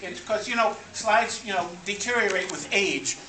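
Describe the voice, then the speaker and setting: A man telling family stories and deadpan jokes over old slides at a family party. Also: high voice, normal speed. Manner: deadpan joke-telling with laughter. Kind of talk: joking slideshow storytelling. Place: party room with guests at tables. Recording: echoey room, voice from far off, noisy.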